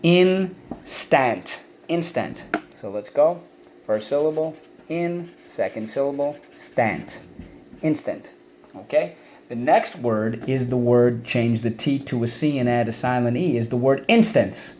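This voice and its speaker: Guy teaching kids spelling words over video, mellow warm tone, bit of hiss behind. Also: mid-range voice, normal speed. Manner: energetic, repeats words and syllables for students. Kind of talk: online vocabulary lesson for kids.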